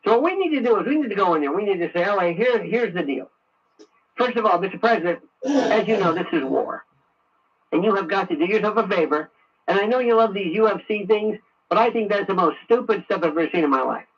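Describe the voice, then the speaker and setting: A man's voice: high-pitched, animated, fast talker, husky. A man giving a sarcastic, ranting talk radio monologue. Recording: muffled radio broadcast, distant.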